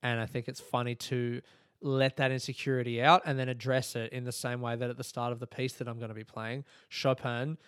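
A man's voice: medium pitch, flat delivery, fairly quick, a bit bright, smooth, no echo, clean studio sound. Swearing, rambling male comedian. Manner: swearing, rambling, laughs at his own jokes. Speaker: comedian and podcast host. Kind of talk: solo podcast monologue.

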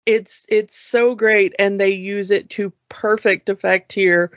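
Slow and steady, the mid-range voice of this woman carries her eager, chatty take on cartoons as a podcast co-host, with frequent restarts mid-sentence. The recording is muffled and has no room sound.

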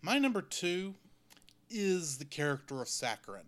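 Bright-voiced man in a casual movie review chat. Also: high-pitched, sing-song, normal speed. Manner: chatty and jokey, laughs at his own asides.

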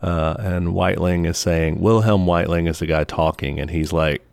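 A man's voice: low voice, moderate pace, gravelly, no room sound, clean studio sound. A man co-hosting a podcast, chatting casually about a film and explaining history with lots of "like" and "you know". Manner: relaxed, many fillers, explains history. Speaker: podcast co-host.

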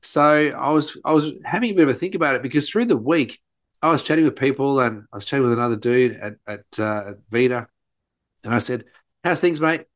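A man's voice: medium pitch, fast talker, dry recording. Playful middle-aged man, dry sound. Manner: playful, animated storyteller. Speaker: podcast co-host, doctor. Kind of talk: casual podcast chat.

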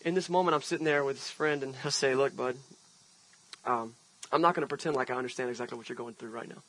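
A man's voice: mid-range voice, quick pace, a bit bright, rough recording. A man preaching an outdoor sermon as pastor, telling a personal story in a conversational way with emphatic swells. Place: outdoor park service.

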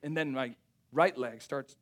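A young adult man preaching a sermon, telling a personal story, acting out family dialogue with lively swings and dropping to quiet, intense tones at reflective moments. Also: a little slow. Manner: animated, acts out family dialogue with big pitch swings. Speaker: pastor.

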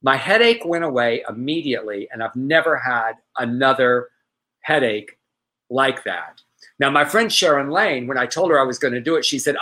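A man co-hosting a talk show, chatting casually and telling a personal story with animated quoted voices. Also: mid-range voice, moderate pace, rough recording. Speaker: co-host.

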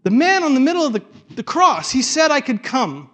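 A man's voice: high-pitched, sing-song, normal speed, pitched above the performer's own voice. A man playing a bewildered simple thief. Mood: matter-of-fact. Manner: plain, bewildered, matter-of-fact. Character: simple, guileless male thief just arrived in heaven.

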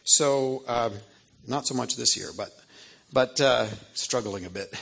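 A man in his fifties tells personal stories to an audience, checking in with "right?" as he goes. His voice is gravelly with a husky edge, and it sits at a mid pitch. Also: unhurried, fairly bright tone. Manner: conversational, keeps asking 'right?'. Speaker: author speaking to an audience. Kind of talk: personal storytelling talk.

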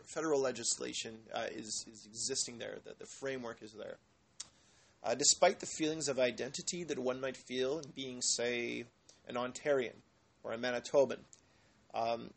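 A man's voice: medium pitch, vocal fry, fairly bright tone. Male lecturer, informal history talk, frequent ums and uhs, explains patiently and answers his own questions. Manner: hesitant, many filler words.

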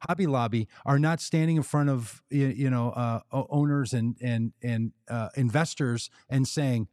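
Give me a podcast co-host with a warm, relaxed voice recorded dry and close. He argues his point in loose, casual talk and throws in mock voices for the people he quotes. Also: mid-range voice, unhurried, few pauses, no room sound. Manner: argumentative, acts out quoted speakers in mock voices. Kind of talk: casual political discussion.

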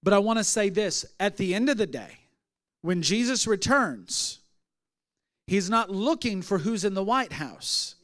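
A man preaching from the pulpit with a notably high voice. He tells stories in an animated way, rising into loud, energetic bursts and then dropping to a hushed, close retelling. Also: unhurried. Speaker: pastor. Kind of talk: sermon with storytelling.

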